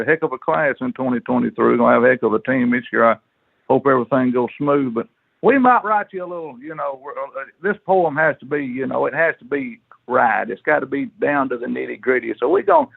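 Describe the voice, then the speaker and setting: A man calling in to a sports show, drawling through rambling shout-outs. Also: fairly high pitch, fairly even intonation, fairly quick, gravelly, dry recording. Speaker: caller. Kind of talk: phone-in call. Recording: phone line.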